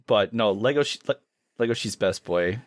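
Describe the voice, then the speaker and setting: A man co-hosting a podcast in casual chat, enthusiastic and quick to act out lines he quotes. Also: lowish voice, animated, no room sound, clean studio sound. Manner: enthusiastic, acts out quotes in shifting voices. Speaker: podcast co-host.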